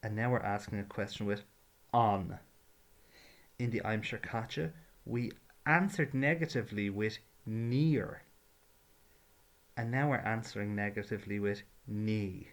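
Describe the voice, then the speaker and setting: Slow, gravelly man teaching. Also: fairly low pitch. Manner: patient, explains carefully, drills verb forms. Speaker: Irish language teacher. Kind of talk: slow step-by-step grammar lesson.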